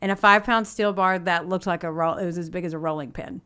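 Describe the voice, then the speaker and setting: A woman's voice: lowish voice, fairly even intonation, fast talker, sharp tone, smooth. A young adult woman co-hosting a podcast, telling a true-crime story in a chatty, giggly way, using "like" often and acting out the quotes. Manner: giggly, chatty, uses "like" a lot, acts out quotes.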